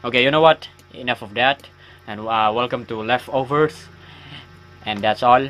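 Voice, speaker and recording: With a little hiss or hum on the track, a man speaks in a mid-range, slightly bright voice at a moderate pace. He's a gaming YouTuber rambling through a horror game, chatty and self-deprecating, yelping whenever it startles him.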